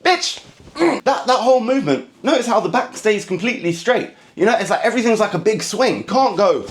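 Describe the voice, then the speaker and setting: A man with an English accent, telling a comic story in a quick, animated monologue. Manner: animated storytelling, bursts into high mock voices; fast, impatient talker. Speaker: stand-up comedian. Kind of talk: comedic monologue.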